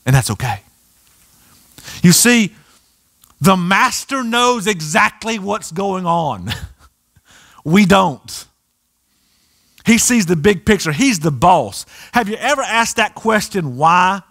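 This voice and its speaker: A man preaching a sermon in a church, animated and acting out the voices of people in the story. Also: high voice, takes it slowly, pauses often. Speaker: pastor. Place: church sanctuary.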